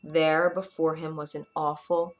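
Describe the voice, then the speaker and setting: A woman's voice: sits low, level tone. Woman reading a children's storybook. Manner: clear, measured read-aloud.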